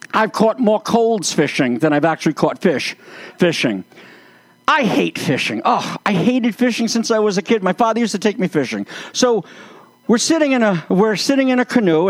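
A male pastor with a notably high voice delivers his sermon in a lively, joking storyteller's manner, drawing out key words to make a point. The sound is dry and close, with no room around it. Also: no room sound. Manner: playful storytelling with self-mocking jokes.

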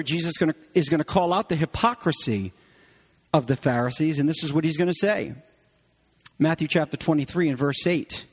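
A man preaching a sermon as a pastor, explaining scripture and rising emphatically on key phrases. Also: fairly high pitch. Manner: expository teaching, rising emphatically on quoted lines.

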